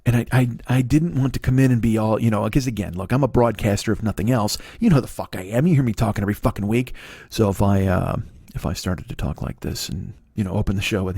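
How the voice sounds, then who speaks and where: A man's voice: medium pitch, expressive, quick pace, a little mellow, husky, no room sound, studio quality. A man in his forties hosting a comedy podcast, ranting in a profane, rambling way with frequent stammered restarts. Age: 40s. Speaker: podcast host. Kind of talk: comedic rant monologue.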